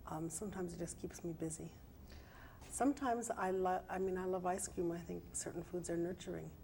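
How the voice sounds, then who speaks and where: A middle-aged woman counselor on a televised panel who speaks candidly and reflectively, often pausing with "um". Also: lowish voice, steady tone, vocal fry, warm tone, a little hiss or hum. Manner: reflective and candid, many hesitant "um"s.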